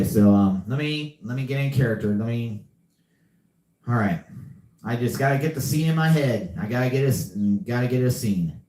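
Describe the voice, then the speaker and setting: A man hosting a casual live podcast, rambling and repeating himself with many fillers as he reads the chat. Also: medium pitch. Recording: echoey room.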